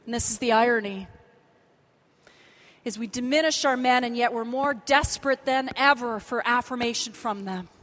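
Canadian woman preaching in a high voice. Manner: dramatic pauses, drops to a hush on key words. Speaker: conference speaker. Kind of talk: sermon.

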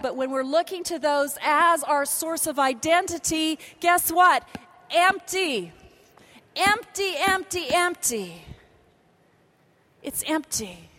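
A Canadian woman preaching a sermon to women, with dramatic pauses and drops to a hush on key words. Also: high voice. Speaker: conference speaker.

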